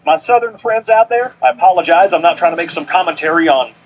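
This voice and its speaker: A man's voice: on the high side, animated, fast, low-quality recording. A man reading online posts aloud as comedy, slipping into exaggerated joking voices. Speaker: reddit post reader.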